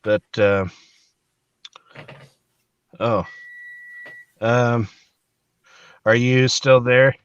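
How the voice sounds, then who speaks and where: A man's voice: mid-range voice, fairly even intonation, extremely slow, long pauses, highs cut off, a little hiss or hum. A man co-hosting a casual podcast chat, rambling and profane with many fillers. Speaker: podcast co-host.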